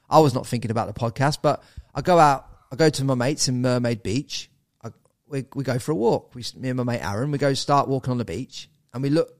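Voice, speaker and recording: An English man in his thirties, a podcast guest telling a story in casual chat, animated and swearing, with bro and mate thrown in. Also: medium pitch, no room sound, studio quality. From England.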